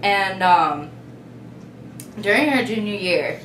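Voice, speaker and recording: A woman's voice: medium pitch, expressive, slow, fairly bright tone. A young woman telling a story in a dry, matter-of-fact casual vlog style. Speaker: vlog co-host. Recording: echoey room with faint noise.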